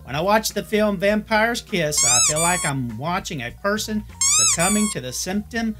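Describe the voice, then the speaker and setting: A man's voice: high voice, expressive, normal speed, over music. A man narrating an opinionated film review in a blunt manner.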